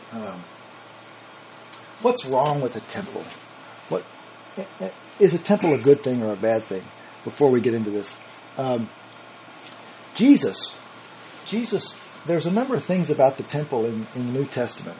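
A man's voice: medium pitch, sing-song, moderate pace, long pauses, mellow, a little hiss or hum, poor audio. A man teaching a sermon on scripture in a conversational way, reasoning aloud and restarting his sentences. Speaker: Bible teacher.

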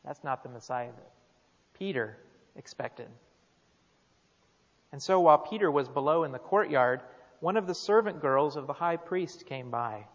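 A man's voice: on the high side, animated, normal speed, long pauses. A man preaching a sermon, emphatic and often repeating words as he stresses a point. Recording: dull, reverberant hall.

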